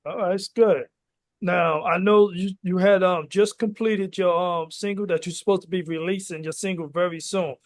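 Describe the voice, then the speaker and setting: A man interviewing an artist, asking relaxed and encouraging questions. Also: high-pitched, moderate pace, no echo.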